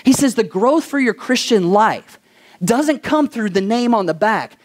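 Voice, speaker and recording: A pastor preaching a sermon, asking the congregation questions for call-and-response and telling stories with animation. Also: male voice, sits high, unhurried. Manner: animated storytelling.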